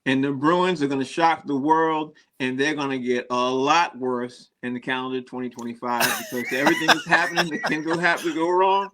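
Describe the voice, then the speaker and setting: A man hosts a casual sports chat in a bright, forceful voice. He rambles, repeats his phrases and laughs often. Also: fairly high pitch, brisk, hardly any pauses. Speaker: sports show host.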